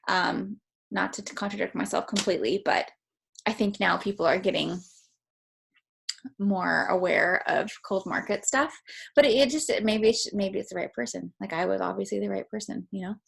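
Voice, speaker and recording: Brief: chatty woman with vocal fry leading a team video call. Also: mid-range voice. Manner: chatty, filler-heavy, casual swearing. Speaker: team leader running a call.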